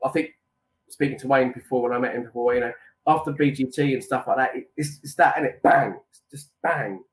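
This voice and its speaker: A man's voice: mid-range voice, steady tone, fast. A man, guest on a chat show, talking in a rambling, chatty way and calling people "mate". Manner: rambling, chatty, slips into impressions. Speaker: guest impressionist. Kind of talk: casual chat.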